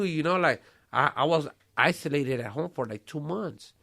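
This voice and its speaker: A man's voice: fairly high pitch, fairly quick, vocal fry, a bit bright. A man, hosting a casual podcast chat and talking streetwise slang with Spanish phrases and swearing. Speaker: podcast host.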